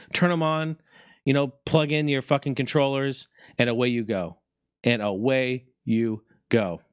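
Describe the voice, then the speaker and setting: A man ranting excitedly to his viewers about retro game consoles, swearing freely and talking straight to the audience. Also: lowish voice, dry recording, studio quality. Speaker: gaming video creator. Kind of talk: excited casual rant to camera.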